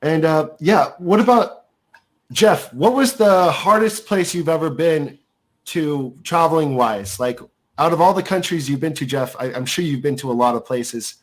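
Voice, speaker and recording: A man's voice: a little high, normal speed. A man hosting a casual livestream, chatting enthusiastically with his guests. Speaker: host.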